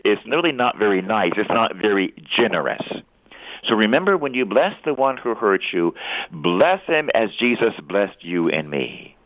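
A lively priest preaching over a tinny, phone-like line, his fairly low voice swooping widely as he teaches. He sounds earnest and animated, slipping into playful asides. The sound is dry and close. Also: no room sound. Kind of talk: radio talk, preaching.

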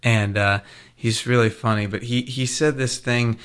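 A man co-hosting a faith talk radio show, telling an animated story in casual chat and laughing often. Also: medium pitch, measured pace, smooth.

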